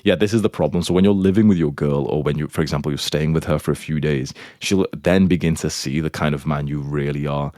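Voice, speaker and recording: A man with a deep, low voice rattles off dating advice at a rapid clip. He is blunt and crude, swearing freely as he lectures his audience. The sound is close and dry. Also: dark tone, dry recording. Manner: lecturing, instructive. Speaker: dating advice host answering questions. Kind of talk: casual advice monologue.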